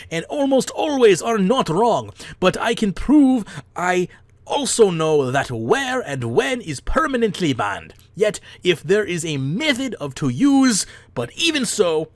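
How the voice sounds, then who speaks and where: A man putting on a deliberately bad heavy foreign accent to voice a gamer man pleading in clumsy broken phrasing. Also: very high-pitched, dry recording, voice pushed up.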